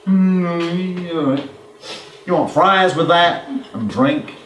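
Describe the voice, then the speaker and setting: A man giving a lively, joking business talk to a live audience and acting out customer exchanges. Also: on the high side, slow, a little hiss or hum. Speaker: business speaker. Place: hall with a small audience. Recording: echoey room, from far off.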